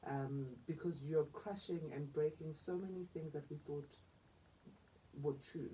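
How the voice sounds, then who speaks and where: A woman with a South African accent hosting a radio talk show, expressive and emotional, laughing easily as she speaks. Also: low-pitched, measured pace, recorded from a distance, slight background noise, poor audio. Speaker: radio host. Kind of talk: radio interview.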